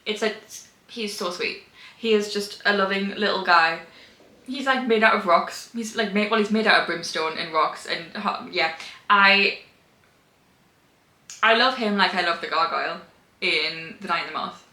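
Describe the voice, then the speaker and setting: A woman's voice: medium pitch, normal speed, sharp tone. A young woman casually chatting about her reading, gushing and emphatic, rambling with lots of restarts. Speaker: book vlogger. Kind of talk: casual reading wrap-up chat. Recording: roomy echo.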